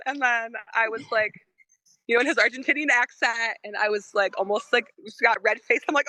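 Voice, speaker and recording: A woman's voice: a little high, moderate pace, pushed and bright, no room sound, low-quality recording. A young woman musician, a guest on a podcast, chatting casually and rambling with lots of "like" and frequent laughter. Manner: rambling, heavy use of "like", laughs often.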